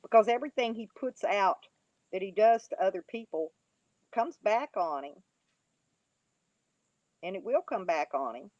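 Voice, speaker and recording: A woman chats on her livestream, teasing and mocking trolls in the chat and laughing often. Her voice sits at a middle pitch. The sound is dry and a little dull, like a lo-fi home stream. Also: expressive, normal speed, long pauses, darkish tone, no echo. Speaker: livestream host. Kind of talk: casual livestream chat, reading and answering chat.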